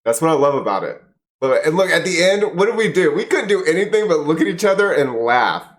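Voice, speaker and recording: A man's voice: fairly high pitch, big pitch swings, fast. A man co-hosting a podcast, chiming in to correct and add to the story with frequent laughs. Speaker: podcast co-host. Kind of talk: casual chat.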